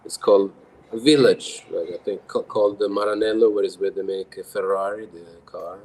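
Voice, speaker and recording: A deep, mellow-voiced man speaking English with an Italian accent, his first language being Italian. He talks haltingly, reaching for the right words, as a guest in a relaxed chat. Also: low-quality recording. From Emilia, Italy. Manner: hesitant, searching for words with many fillers. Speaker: guest brewery owner. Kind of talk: casual chat.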